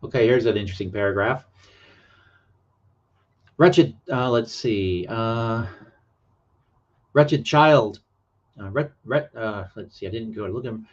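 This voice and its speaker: A man's voice: fairly low pitch, steady tone, brisk, few pauses, lo-fi sound. A man hosting a casual late-night livestream, talking in a rambling, hesitant way with many fillers. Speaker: livestream host.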